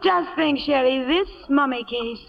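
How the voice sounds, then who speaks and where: A gushing vain starlet, high and slow, dull lo-fi radio sound with hall echo. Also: female voice. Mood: melodramatic. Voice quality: breathy, affected, dramatic. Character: vain, melodramatic glamorous female actress. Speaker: Lorraine, an actress. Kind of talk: 1940s radio acting. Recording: scratchy 1940s radio broadcast with reverb.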